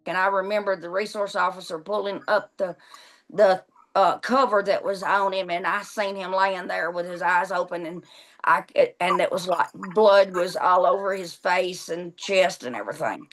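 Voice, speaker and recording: A woman's voice: lowish voice, fairly even intonation, moderate pace, a bit bright. A woman, a victim's mother, telling in a documentary interview how she lost her son and acting out what was said. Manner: grief-stricken, reenacting dialogue.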